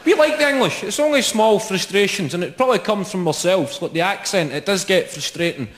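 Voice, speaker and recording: A man with a Scottish accent doing live stand-up comedy, telling animated stories and acting out characters. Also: sits high, fairly quick, heavy background noise. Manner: animated storytelling, acts out characters in shouts. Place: large venue with a live audience. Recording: roomy live recording with loud crowd. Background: audience laughter.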